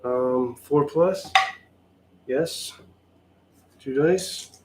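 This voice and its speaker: Man, unhurried sardonic play-by-play of a solo tabletop game, faint background noise. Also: mid-range voice. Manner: wry, sarcastic, mildly exasperated. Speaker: solo tabletop wargame player.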